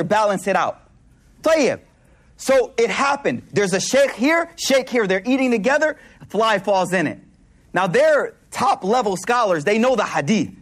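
A man giving a sermon to a live audience, telling stories in an animated way, laughing as he goes, and using casual slang with lots of repeated words. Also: very high voice. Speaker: Islamic speaker.

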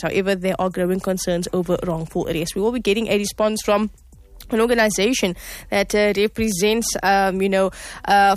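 A woman's voice: medium pitch, dry recording. A South African woman hosting a radio show in a studio, cheerful and chatty, laughing now and then. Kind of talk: casual radio chat.

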